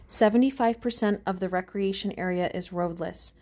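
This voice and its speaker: A woman calmly narrating an audiobook in a measured storytelling manner. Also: medium pitch. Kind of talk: scripted narration.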